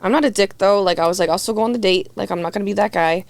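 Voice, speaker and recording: A young woman tells a story on a podcast in a loose, candid way. She swears freely and fills her talk with "like", and she acts out what people said. Her pitch sits in a middle range. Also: rapid-fire, gravelly, no echo. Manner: candid, profane, heavy "like" filler, acts out quotes. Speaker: podcast guest. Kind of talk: casual storytelling chat.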